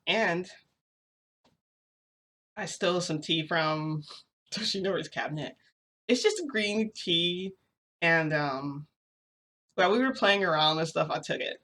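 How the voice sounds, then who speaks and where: A woman's voice: sits low, fairly bright tone. A woman vlogger telling a story in a chatty, rambling way, full of fillers. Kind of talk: casual storytelling vlog.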